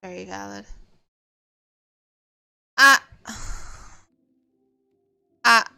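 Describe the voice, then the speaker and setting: A woman's voice: mid-range voice, huge pitch swings, drawn-out words, gravelly, sharp tone, clean tone, faint music behind, poor audio. A young woman hosting a stream, chatting casually with friends, laughing often and swearing. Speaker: streamer host.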